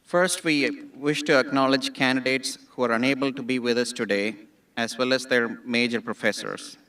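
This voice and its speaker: A man's voice: mid-range voice, sharp tone. Man reading graduate names at a distance. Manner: measured, reads names slowly with small restarts. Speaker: associate dean announcing graduates. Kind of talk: ceremony name reading.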